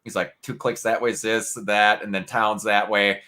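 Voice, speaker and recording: Bright-voiced man retelling a game. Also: lowish voice, moderate pace. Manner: animated storytelling, acts out scenes with quotes. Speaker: game reviewer. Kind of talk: casual spoiler review chat.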